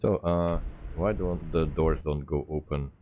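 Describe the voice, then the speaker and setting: Man, very low voice, faint background hum, casual stream talk, many fillers. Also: narrow, tinny audio. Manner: relaxed, thinking aloud with many "uh" pauses. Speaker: flight sim streamer. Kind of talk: live-stream commentary.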